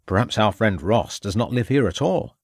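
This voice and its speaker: An earnest, bewildered Victorian constable, as a man reads him. He reports in a puzzled tone, his fairly low voice moving widely in pitch, with a close, dry sound. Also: lively intonation, moderate pace, darkish tone, husky, no echo.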